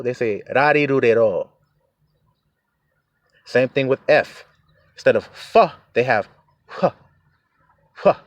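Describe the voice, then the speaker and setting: A religious teacher gives an informal preaching rant in a casual, emphatic style, cursing freely and chuckling often. His voice is medium-pitched, and the recording is dry.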